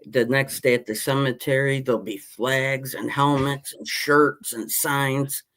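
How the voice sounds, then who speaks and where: A man's voice: medium pitch, fairly even intonation, measured pace, a bit bright. A man, ranting passionately about his team as a podcast host in casual chat. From Western New York. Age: 50s. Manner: impassioned, rambling sports-fan rant.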